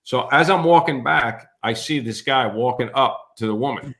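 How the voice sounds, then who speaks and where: Speaking at a medium pitch and normal speed, a firefighter on a podcast animatedly recounts a story in casual conversation, doing the voices of the people involved.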